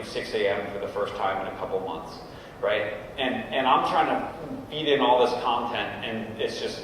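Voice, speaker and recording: A man's voice: mid-range voice, a little hiss or hum. Man speaking in an echoey hall. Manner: conversational, often adds "right?" to check in with the room. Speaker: guest speaker at a coaches' meeting. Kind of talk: informal talk to an audience. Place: large room at a meeting. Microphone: camera at a distance. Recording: echoey hall recorded from far off.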